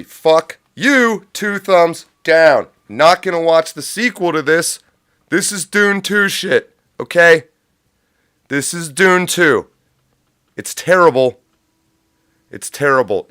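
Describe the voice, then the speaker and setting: A man's voice: a little high, expressive, slow pace, a bit bright, smooth, no room sound, clean studio sound. A man hosting a livestream, ranting in a profane, sarcastic, rambling way. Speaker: livestream host. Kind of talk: unscripted livestream rant.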